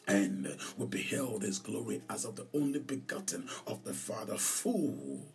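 A man's voice: on the low side, sing-song, unhurried, gravelly, hardly any pauses, recorded from a distance. A man preaching a sermon, emphatic and repeating key phrases for stress.

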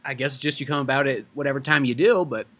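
Bright, profane man chatting on a podcast. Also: medium pitch, brisk, lo-fi sound. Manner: loose and profane, laughs often. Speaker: podcast host. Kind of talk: casual chat.

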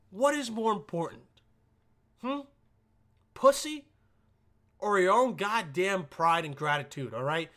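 A man's voice: sits high, unhurried, pauses often, pushed and bright. A young man ranting casually and profanely, stumbling over repeated words and checking "all right?" after every point. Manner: stumbling repetitions.

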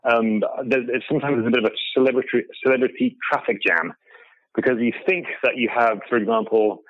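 A middle-aged man speaks as an interview guest and tells his stories with animation, laughing often and restarting his sentences. He sits at an average pitch for a man. His voice comes over a remote call, with dry, slightly muffled sound. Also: brisk, dry recording. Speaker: guest photographer. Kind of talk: casual storytelling in an interview.

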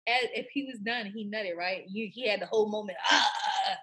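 A woman on a podcast, chatting casually in a brash, profane, animated way. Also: medium pitch, a little fast, husky. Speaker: podcast co-host. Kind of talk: casual chat.

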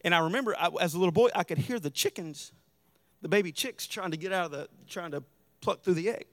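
A middle-aged Southern US preacher delivers a sermon in a church, his voice sitting fairly high for a man. He swings between quiet, conversational stretches and fervent, shouted climaxes. The sound is dry and close. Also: quick pace, no room sound. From American South. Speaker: pastor.

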